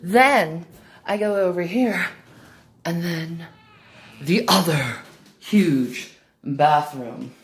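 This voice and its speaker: A woman's voice: fairly low pitch, extremely slow, pauses often. A woman filming a walking tour of her home on a handheld phone. She is out of breath and talks in a showy, defiant way, calling her viewers "darling.". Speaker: vlogger giving a home tour. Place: indoor apartment, moving between rooms.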